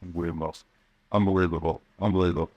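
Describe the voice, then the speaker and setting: A man's voice: low-pitched, fairly even intonation, racing, a little mellow, muffled recording. A man hosting a casual interview, affable and encouraging, with lots of short affirmations. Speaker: podcast host.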